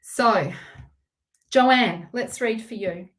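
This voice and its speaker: A woman with a slightly high voice hosts a casual live tarot reading. She talks in a chatty, excitable way, laughing often and speaking to her viewers by name. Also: extremely slow. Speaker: tarot reader hosting a live stream.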